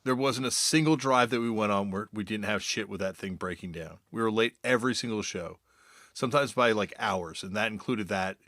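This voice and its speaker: A man who is a touring musician, talking in a relaxed, reflective way as a podcast guest, with filler words. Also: lowish voice, fairly quick, dry recording, clean studio sound. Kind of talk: casual conversation.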